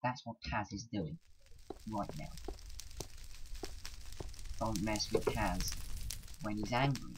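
A man's voice: fairly low pitch, slow, long pauses, noisy background. A man giving casual gameplay commentary, frustrated and self-mocking, sometimes talking about himself in the third person. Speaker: gaming commentator.

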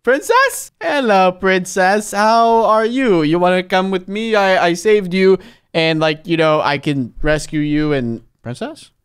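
A young man giving excitable gameplay commentary, swinging between mumbling and shouting with laughter. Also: high-pitched, unhurried, clean tone. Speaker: gaming YouTuber.

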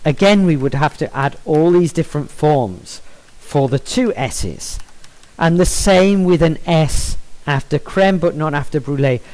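A man walking through a software stylesheet in a screen-recorded tutorial, measured and explanatory, with frequent ums and self-corrections. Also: fairly high pitch, expressive, poor audio.

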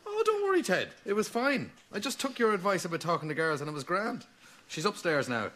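An actor playing a naive, cheerful young priest in a sitcom. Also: male voice, sits high, sing-song, brisk, sharp tone, exaggerated voice. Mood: chatty. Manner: naive, blurting. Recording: noisy TV sitcom audio.

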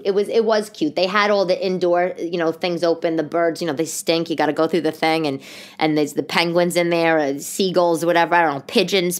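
Chatty New comedian mom. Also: female voice, on the low side. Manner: chatty, animated, many restarts and asides. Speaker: podcast host, stand-up comedian. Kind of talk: casual comedic monologue.

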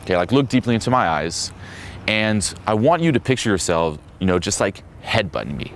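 A man's voice: lowish voice, very animated, brisk, slight background noise. A young man giving a casual dating-coach talk outdoors, swearing freely, full of fillers and acted-out quotes.

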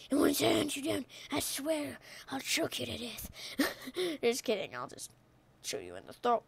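A woman calling out her own video game play, with a high, bright voice that keeps breaking into loud, gleeful yelps and playful trash talk. The sound is close and dry, with no room around it. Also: moderate pace, creaky, dry recording. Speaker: gaming YouTuber. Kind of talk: excited gaming commentary.

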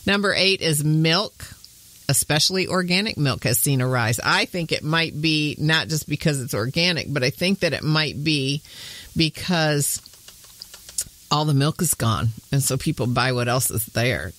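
A woman's voice: deep voice, expressive, a little slow, fairly bright tone. A woman in her thirties from Michigan with a Midwestern accent touched by Southern speech, a podcast host chatting in a homey way and laughing often. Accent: Midwestern American with some Southern. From Michigan, USA. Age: 30s. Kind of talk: casual talk.

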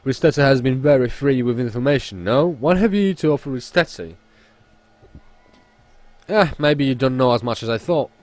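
Playing a bragging male dealer in rare curiosities, this man puts on a theatrical Italian accent that slips now and then, speaking grandly of himself in the third person and tripping over the accent. His delivery is lightly acted, medium in pitch with lively intonation and normal speed, with no room sound.

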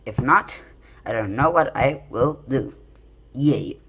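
A man's voice: mid-range voice, animated, slow pace, pushed and bright, slight background noise. A man in a home kitchen chatting casually into his phone as he shows how to make iced coffee. He jokes about himself and rambles with many restarts. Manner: joking, self-deprecating, rambling with restarts. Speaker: home cooking vlogger.

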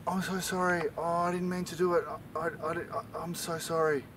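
A man's voice: high voice, level tone, a little fast, recorded from a distance, background noise, pitched above the performer's own voice, natural voice. A man voicing a panicky, clumsy man who squeals and stammers apologies, recorded in an echoey room away from the mic. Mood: panicked.

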